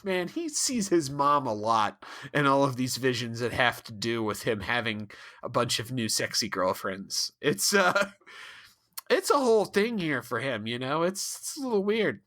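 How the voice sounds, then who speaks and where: A man's voice: mid-range voice, very animated, measured pace, bright, forceful tone. A man co-hosting a podcast, chatting in a wry, laughing, slightly hesitant way. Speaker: podcast co-host. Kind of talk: casual chat.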